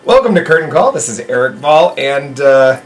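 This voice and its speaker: A man's voice: medium pitch, big pitch swings, moderate pace, slight background noise. A man hosting a late-night radio talk show in a studio, rambling and joking casually on a studio mic.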